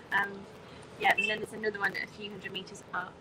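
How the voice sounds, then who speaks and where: A woman's voice: mid-range voice, moderate pace, low-quality recording. A woman chatting casually to viewers on a phone livestream while riding a bus in traffic, rambling and greeting people by name. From England. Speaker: vlogger livestreaming. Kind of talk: casual live chat with viewers. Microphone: phone held in hand. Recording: phone audio with vehicle noise. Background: bus engine and road noise.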